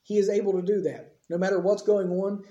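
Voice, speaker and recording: High-voiced man preaching in an echoey room. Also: steady tone, fairly quick, dark tone, highs cut off. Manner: reads verses, then explains them conversationally with asides. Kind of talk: scripture reading and sermon.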